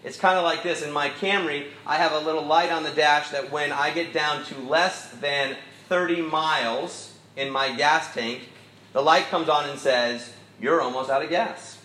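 A man's voice: a little high, moderate pace, pushed and bright, echoey room, rough recording. A middle-aged man preaching a sermon in an easygoing, storytelling way with self-deprecating asides. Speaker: pastor.

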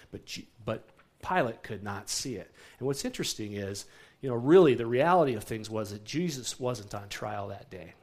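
A man's voice: lowish voice, darkish tone, husky. Conversational male pastor preaching. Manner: conversational, asks the congregation "right?" often. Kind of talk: sermon.

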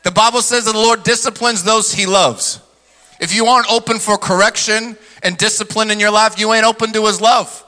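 A man's voice: sits high, steady tone, fairly quick, sharp tone. A male pastor preaching a sermon energetically, mimicking skeptics in mocking voices. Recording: long hall reverb.

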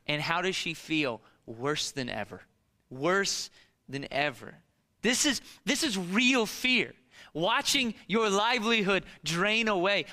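A middle-aged man preaching with a high-pitched, very bright, cutting voice. He tells the story dramatically, pushing hard in urgent moments and dropping to hushed low tones elsewhere. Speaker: pastor. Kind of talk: sermon.

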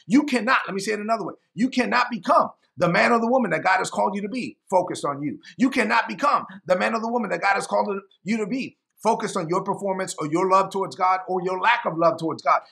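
A man preaching a sermon as pastor, emphatic and repetitive, with a gravelly voice. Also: high-pitched, fairly bright tone.

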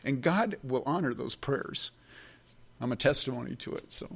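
A man's voice: mid-range voice, lively intonation, normal speed, vocal fry, fairly bright tone. A middle-aged man preaching a sermon as pastor, folksy and self-deprecating, often restarting his sentences.

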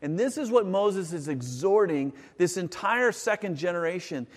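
Earnest preacher in a reverberant hall. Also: male voice, high voice, expressive, normal speed. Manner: earnest, conversational preaching with restarts and emphatic repetitions. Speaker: pastor. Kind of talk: sermon.

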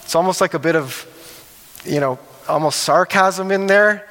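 A man's voice: high voice, moderate pace, a bit bright. Conversational male preacher in an echoey hall. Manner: conversational, asks "right?" often. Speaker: pastor. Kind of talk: sermon. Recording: long hall reverb.

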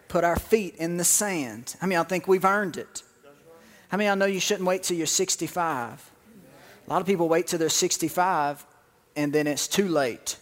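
A man preaching a sermon as pastor, telling joking stories with bursts of laughter. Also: on the high side.

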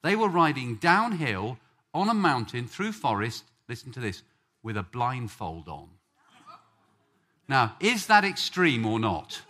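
Male preacher from England, bright and animated, chatty with his congregation. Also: mid-range voice, a little slow. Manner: lively, joking with the congregation. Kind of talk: sermon with audience banter.

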